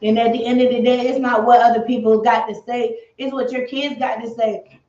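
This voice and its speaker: Woman host, fairly high voice, steady reflective talker, roomy dull lo-fi sound. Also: a little fast, distant mic. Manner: steady, reflective, asks questions. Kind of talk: casual interview chat.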